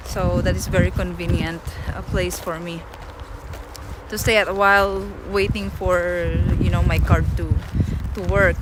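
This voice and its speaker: A woman with a Filipino accent telling a rambling, animated travel story on a livestream, her voice going loud and high when she is nervous. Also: very noisy. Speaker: travel streamer. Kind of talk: casual IRL livestream storytelling.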